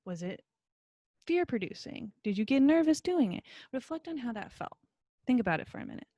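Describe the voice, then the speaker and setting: A woman's voice: on the high side, big pitch swings, brisk, dark tone, no echo, highs cut off. Encouraging woman teaching a recorded lesson. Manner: friendly, encouraging, with many fillers. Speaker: college instructor. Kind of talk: recorded video lecture.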